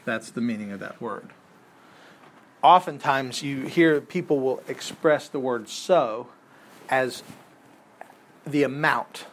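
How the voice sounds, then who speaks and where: Man, Bible class teacher; relaxed, chatty lecturing, voice sits a bit high, keeps asking the room questions. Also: measured pace. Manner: conversational, quizzes the class with questions.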